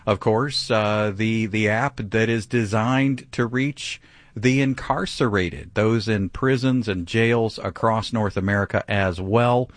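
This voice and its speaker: A man's voice: lowish voice, fairly even intonation, slow pace, no room sound, clean studio sound. A man hosting a live call-in radio show about faith, talking conversationally with frequent fillers. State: clearing his throat, choked up. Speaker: radio talk show host.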